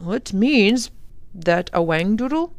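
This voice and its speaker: Lady reading as a patient bookish dad, slow and explaining, dry close sound. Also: medium pitch, lively intonation, gravelly, no echo. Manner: measured, explaining. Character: kindly middle-aged father, calm and learned.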